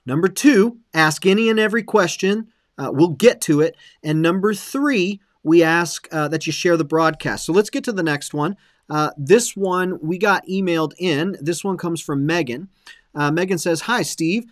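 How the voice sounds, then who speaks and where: A man's voice: fairly high pitch, moderate pace, no echo. Man reading viewer mail, dry sound. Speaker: co-host reading viewer questions.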